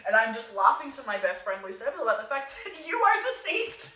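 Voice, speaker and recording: Sardonic woman, bright and roomy. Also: fairly high pitch, sing-song, fairly quick, hardly any pauses, far from the mic. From Australia. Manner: sardonic, darkly self-mocking. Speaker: podcast host. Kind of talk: solo monologue podcast addressed to an absent listener. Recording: roomy sound from off the mic.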